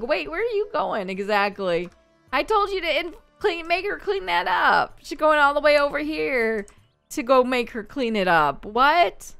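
Brief: woman game host, bright crisp voice, chatty play-by-play commentary. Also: high voice, lively intonation, soft background music. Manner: chatty, thinking aloud, quick to laugh. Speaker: gaming channel host. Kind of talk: gameplay commentary.

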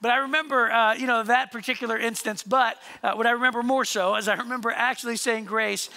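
A man's voice: very high voice, steady tone, fast, sharp tone. A male pastor preaching a conversational sermon in a church, joking and asking the congregation questions. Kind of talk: sermon with storytelling. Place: church sanctuary.

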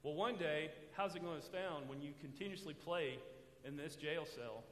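A man's voice: fairly high pitch, moderate pace, a bit bright, a little hiss or hum. A man preaching a sermon in a church, drawing call-and-response answers from the congregation by having them finish his sentences. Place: church sanctuary. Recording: echoey hall with long reverb.

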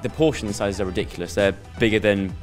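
A man's voice: on the low side, quick pace, soft background music. A young man chatting casually in an interview, rambling and joking. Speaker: YouTuber guest. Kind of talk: casual chat.

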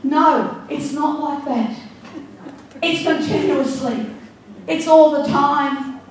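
Fervent woman preaching in an echoey hall. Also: high-pitched. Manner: fervent preaching, slowing down for emphasis. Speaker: pastor. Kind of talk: sermon. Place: church hall. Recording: very echoey hall, heard from a distance.

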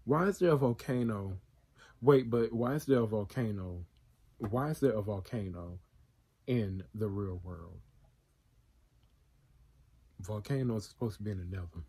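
A man hosting a reaction video, talking in a casual, excitable and emotional way with plenty of slang. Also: fairly low pitch, a little slow, pauses often, breathy edge.

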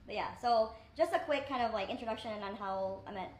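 A woman YouTuber with a fairly high-pitched voice talks fairly quickly over loud music on her vlog. Indoors in a rented place with friends, she rambles, puts herself down, and uses lots of fillers, all in an echoey room.

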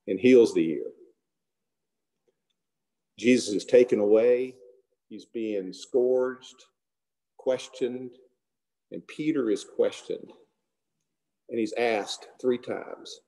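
Brief: male Bible study teacher, low gravelly voice, casual storytelling delivery. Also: takes it slowly, long pauses, mellow. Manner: conversational, retells scripture with acted-out dialogue.

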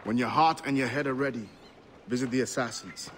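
Guy voicing a steady loyal pirate mate, calm and measured, game cutscene. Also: medium pitch, slight background noise, close to an everyday voice. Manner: calm, measured and warm toward a friend.

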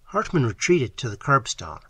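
A male narrator reading a classic novel aloud with a dramatic, expressive delivery. His pitch moves widely and his tone is bright with a faintly husky grain. The sound is dry and close. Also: moderate pace, dry recording. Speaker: audiobook narrator. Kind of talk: audiobook narration.

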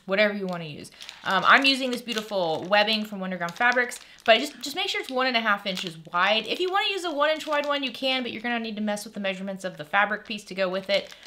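A woman's voice: mid-range voice, bright, forceful tone, a little hiss or hum. A woman hosting a sewing tutorial, chatty and enthusiastic, with lots of casual fillers. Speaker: sewing channel host.

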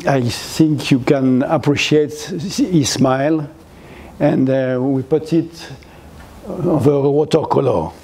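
An older man from France with a French accent, giving a gallery lecture in halting English, full of fillers and restarts. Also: medium pitch, a little mellow, a little hiss or hum. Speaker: guest lecturer. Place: lecture hall, seated.

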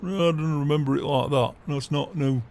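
A man voicing a gruff, beer-loving older farmer in game roleplay banter, swearing often and chuckling. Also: fairly high pitch, steady tone, normal speed, darkish tone, natural voice. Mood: jovial.

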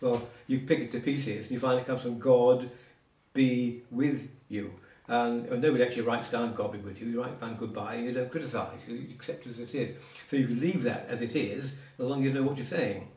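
A man's voice: medium pitch, fairly even intonation, fast, few pauses, a little mellow. A man teaching Cornish words in a one-on-one lesson, explaining patiently with asides and examples. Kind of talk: informal one-on-one language lesson. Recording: roomy sound from a distance.

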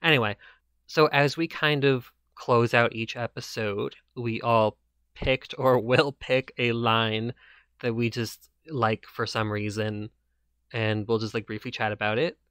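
A man's voice: medium pitch, a little slow, fairly bright tone, clean tone, no echo, clean studio sound. A man hosting a podcast in casual chat, chatty and self-deprecating, with many fillers. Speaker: podcast host and author.

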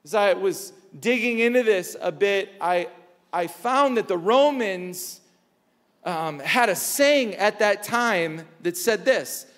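High-voiced preacher in a reverberant church. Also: male voice, lively intonation, a bit bright. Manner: preaching with emphatic repetition and dramatic pauses. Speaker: pastor. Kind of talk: sermon. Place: large church hall.

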